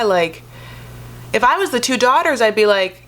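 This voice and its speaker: A woman's voice: a little high, expressive, normal speed, a bit bright. A woman recapping reality television in a sassy, gossipy, casual commentary style. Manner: sassy, gossipy, says "honey" and "like" constantly.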